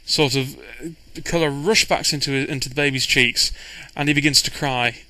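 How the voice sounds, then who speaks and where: A man's voice: medium pitch, steady tone, moderate pace, pushed and bright, no echo, rough recording. A man, a game master, casually recounting his tabletop campaign in a rambling way, with frequent restarts and fillers. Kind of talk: casual storytelling recap.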